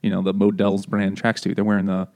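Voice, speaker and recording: Guy cohosting a beer and book podcast, kinda low voice, talks fast, laughs a lot. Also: monotone, a little mellow. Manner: joking, laughs often. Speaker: podcast co-host. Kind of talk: casual beer-drinking book chat.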